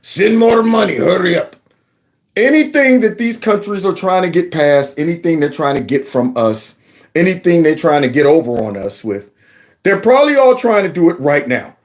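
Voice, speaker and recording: A man hosting casual political commentary, mocking and animated, with many fillers and restarts. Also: a little high, moderate pace.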